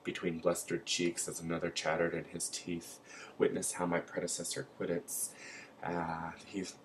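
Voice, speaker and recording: A man reading a literary text aloud in a steady, deliberate way. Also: deep voice, a little hiss or hum, rough recording. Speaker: reader.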